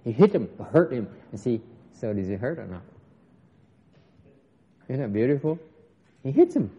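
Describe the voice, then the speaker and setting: A man giving a Buddhist teaching, animated and teasing, acting out dialogue with his students. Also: medium pitch, normal speed. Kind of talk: dharma lecture with students. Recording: dull lo-fi recording in a reverberant hall.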